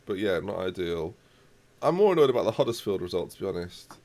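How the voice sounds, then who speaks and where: A young man commentating live on his football management game, reacting loudly to the match and chatting to viewers. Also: low voice, sing-song, fast talker.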